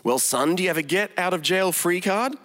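A man's voice: high-pitched, fairly quick, fairly bright tone, long reverb tail. A man voicing a father who firmly but apologetically demands payment from his son in a retold story. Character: stern but sorry father playing a board game.

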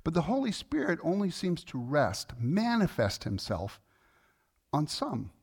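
Male pastor preaching casual and earnest, lots of you-knows, gets soft and quiet when it turns tender. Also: wildly swooping pitch, measured pace, slightly rough. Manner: conversational, earnest, many fillers and restarts; softens and lowers his voice in tender moments. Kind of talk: sermon with personal storytelling.

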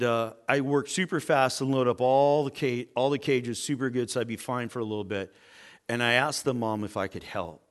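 A middle-aged man preaching as a pastor, telling personal stories and acting out the voices of the people in them. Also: mid-range voice. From California. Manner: animated storyteller, acts out quoted voices. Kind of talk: sermon storytelling.

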